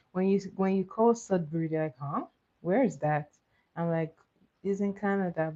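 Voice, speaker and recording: A woman's voice: fairly low pitch, warm tone. A woman chatting casually with live viewers while doing her makeup. She answers their comments and laughs often. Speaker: makeup livestream host. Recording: slightly muffled, dull sound.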